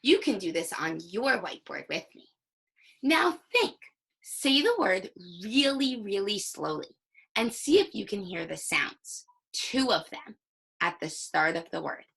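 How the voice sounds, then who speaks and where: Young female teacher for a kids' reading video: slow, bouncy delivery, a bit gravelly. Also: medium pitch, poor audio. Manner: slow, animated, sounds out words. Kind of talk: recorded reading lesson for young children.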